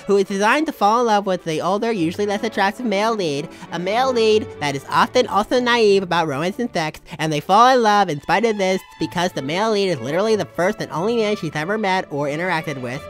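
A woman's voice: mid-range voice, animated, fast talker, hardly any pauses, soft background music. A young woman reading online posts aloud for comedy, dry and sarcastic, now and then bursting into mock outrage.

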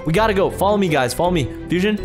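A man's voice: high voice, lively intonation, rapid-fire, music in the background. A young man hosting a game roleplay, frantic and stammering, repeating himself as he acts out the scene. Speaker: roleplay host.

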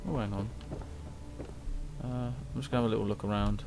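A young man giving casual, excitable let's-play commentary at home, swearing often. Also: lowish voice, a little fast, over music. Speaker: gaming channel host.

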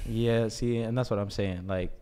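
A man's voice: fairly even intonation, moderate pace, dark tone, a little hiss or hum. A young man co-hosting a casual podcast, speaking bluntly and swearing freely, sometimes building into a rant. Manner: low-key, blunt and profane, rising into rants. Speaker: podcast co-host. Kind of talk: casual chat.

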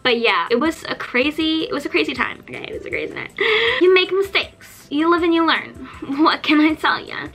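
Bright-voiced young woman vlogger, chatty. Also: high voice, moderate pace, faint music behind. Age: young adult. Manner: chatty, animated, acts out quoted voices. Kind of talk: casual storytelling vlog.

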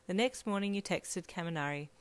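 Casting: amateur woman narrator reading fan fiction, steady, slightly low pitch. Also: brisk, smooth. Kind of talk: audiobook narration in second person.

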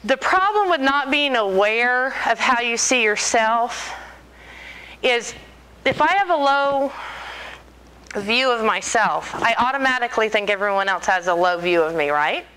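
Animated woman in her 40s, high bright voice, joking storyteller, laughs a lot. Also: unhurried, a little hiss or hum, rough recording. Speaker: speaker. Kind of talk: storytelling talk to an audience.

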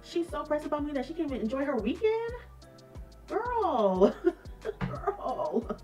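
A woman with a somewhat high voice tells a workplace story in a sassy, animated vlog style, full of laughs and asides. She sounds a little distant from the microphone, with faint music playing behind her. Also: rapid-fire. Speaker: vlogger.

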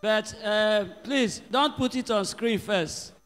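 A male pastor leading a church service, giving directions and then stirring the congregation with shouts. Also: high-pitched, slow pace, smooth, big-room sound, faint music behind. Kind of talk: sermon. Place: church hall.

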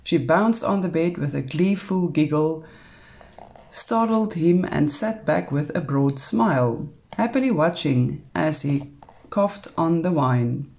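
A woman with a South African English accent, calmly reading a novel aloud, unhurried, with small slips. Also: deep voice, gravelly. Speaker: storybook reader.

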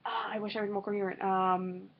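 A young woman hosting a vlog reaction to a TV episode, talking in an excitable, gushing way with plenty of fillers and swearing. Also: mid-range voice, brisk, phone-quality sound. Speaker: reaction video host.

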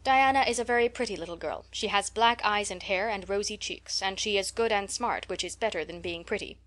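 A stern, prim elderly spinster lectures in short, brisk, moralizing sentences, as a woman reads her part. Her tone is firm and plain, pitched at a middle level. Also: fairly bright tone, natural voice. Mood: matter-of-fact. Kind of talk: audiobook character reading.

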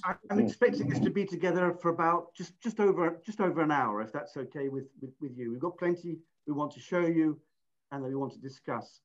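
A middle-aged Englishman hosts an online webinar, chatty and self-deprecating, often restarting his sentences. His voice is on the high side and a little fast, heard through muffled, lo-fi video call audio.

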